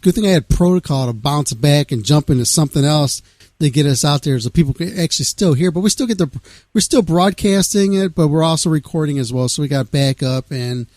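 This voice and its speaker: A man hosting a relaxed radio talk show, rambling through press notes with easy restarts. His voice sits a little high. The sound is dry and close. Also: fairly quick, dry recording.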